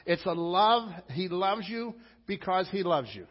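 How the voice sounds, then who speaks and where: Male pastor, fairly high voice, emphatic conversational preaching; muffled lo-fi sound with long hall reverb. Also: unhurried. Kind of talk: sermon.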